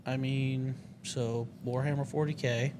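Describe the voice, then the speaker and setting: Dude co-hosting a chill podcast, keeps restarting sentences, noisy room. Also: male voice, medium pitch, flat delivery. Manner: halting, explains with many restarts. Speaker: podcast co-host. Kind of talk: casual chat.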